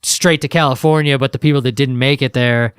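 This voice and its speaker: A man co-hosting a podcast with a smooth, clear voice, relaxed and casual, dropping curse words as he talks. He sits close to the mic in a dry, dead-sounding space. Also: mid-range voice, brisk, no room sound. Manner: laid-back, swears casually, agreeable backchannels. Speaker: podcast co-host. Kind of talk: casual chat.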